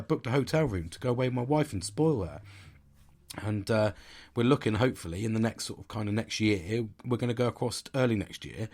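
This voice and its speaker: A man's voice: mid-range voice, a little mellow. A middle-aged man, talking in a blunt, sweary, rambling but earnest way in a casual motivational monologue as a podcast host.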